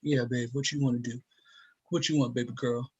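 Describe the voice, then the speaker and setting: A man putting on a deeper "man voice" to play a doting father who coos gently at his daughter. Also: level tone, a little fast, breathy edge, dull audio, lightly acted. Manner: low, gentle, cooing. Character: doting gruff dad, soft with his daughter.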